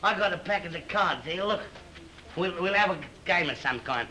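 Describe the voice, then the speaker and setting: An actor playing a jolly, boastful comic king in a 1930s film comedy, chatty and excitable, with an Australian accent. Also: sits high, moderate pace, rough recording. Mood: excited. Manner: chatty, excitable, bossy with cheeky asides. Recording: old film soundtrack with faint hiss.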